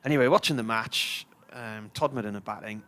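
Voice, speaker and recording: A man's voice: fairly low pitch, a little fast, fairly bright tone. A man, commentating on live cricket and telling a long, chatty anecdote. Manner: chatty storyteller, puts on voices for characters in his tales.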